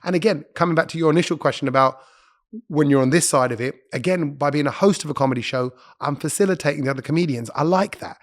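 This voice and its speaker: A middle-aged man, a broadcaster and comedy host, talking quickly and animatedly in a casual podcast chat, slipping into put-on voices. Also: fairly high pitch.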